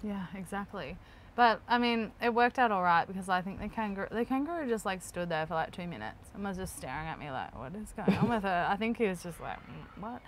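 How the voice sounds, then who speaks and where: A woman's voice: mid-range voice, brisk, slight background noise. An Australian woman in her thirties, a mother co-hosting a casual family travel chat, telling stories with lots of laughter and "like" fillers. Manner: lively, laughs often, many "like" fillers. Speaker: co-host, mother. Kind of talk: casual chat, animated storytelling.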